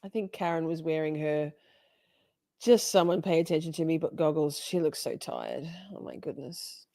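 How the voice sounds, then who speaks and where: A woman's voice: sits low, moderate pace, gravelly, mellow, no echo, clean studio sound. Chatty, foul-mouthed Australian woman streamer. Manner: chatty, swears freely, gushing. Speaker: live-stream host reacting to a trial. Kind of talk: casual live-stream commentary.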